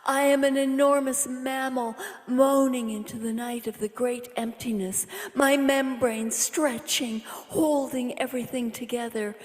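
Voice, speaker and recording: A woman's voice: sits high, fairly even intonation, unhurried, hardly any pauses, in a large hall. A woman poet giving an intense, rhythmic reading of her own poem, often dropping to a whisper. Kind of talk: dramatic poetry reading. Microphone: online reading setup.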